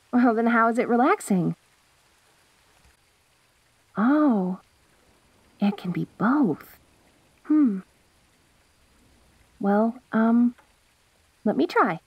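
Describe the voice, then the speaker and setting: A woman's voice: a little high, darkish tone, breathy edge, no room sound, heavily acted. A young woman voicing a perky, curious wolf girl in an ASMR role-play, bubbly and giggly with restless chatter.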